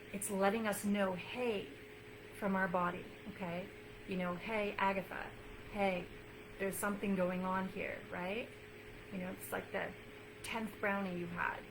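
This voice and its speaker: A woman nutrition coach chats casually to camera with her viewers, sounding earnest and encouraging, repeating phrases for emphasis and leaning on lots of fillers. Her voice is fairly high and bright, and the low-quality recording has slight background noise.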